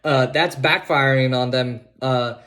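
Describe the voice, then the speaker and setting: A man's voice: medium pitch, unhurried, sharp tone. A man hosting a podcast of political commentary, sarcastic and emphatic, often repeating himself and restarting sentences. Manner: sarcastic and mocking, laughs at his own points. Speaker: podcast host.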